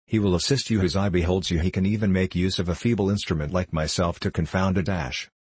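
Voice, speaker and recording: A grave, mild-spoken old friar, read by a man in a deep, husky voice, offering measured comfort. The delivery is dry and close, with no room sound, and stays solemn and steady from line to line. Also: no echo. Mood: solemn consolation. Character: gentle, earnest older male friar. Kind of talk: audiobook character reading.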